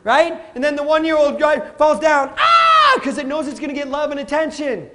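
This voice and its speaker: A man giving a live motivational talk, animated, calling the audience folks and acting out what people say. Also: extremely high pitch, fairly quick, shouting. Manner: animated, addresses crowd as folks, acts out quotes. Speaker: motivational speaker.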